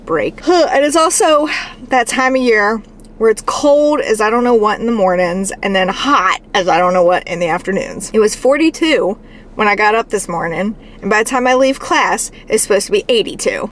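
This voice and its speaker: A woman's voice: mid-range voice, animated, normal speed, a bit bright. A woman vlogger talking casually to the camera in a chatty, rambling way. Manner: chatty and rambling, with frequent "like" fillers. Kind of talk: casual vlog chat to camera.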